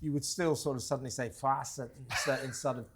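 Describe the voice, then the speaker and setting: A man hosting a lively studio chat show, loud and teasing with his guests. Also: mid-range voice, fast talker, a little hiss or hum. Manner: loud, teasing, jokey, puts on American voices. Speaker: host.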